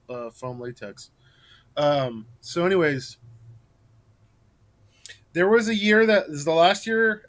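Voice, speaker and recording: A man's voice: a little high, fairly bright tone. A man, a guest on an interview, telling stories in a loose, rambling way with lots of restarts and laughter. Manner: rambling storyteller, many fillers and restarts, laughs while telling. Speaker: guest scare actor. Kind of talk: casual interview chat.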